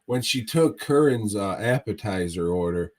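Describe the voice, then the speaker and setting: A man's voice: on the low side, expressive, moderate pace. A man co-hosting a podcast, telling a profane story in casual chat, laughing as he goes. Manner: laid-back, swears a lot, laughs while telling a story. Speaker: podcast co-host.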